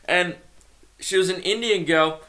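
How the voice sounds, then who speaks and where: A man's voice: high voice, a little slow, bright, forceful tone. A young man hosting a solo comedy podcast, rambling and self-mocking and laughing at his own jokes.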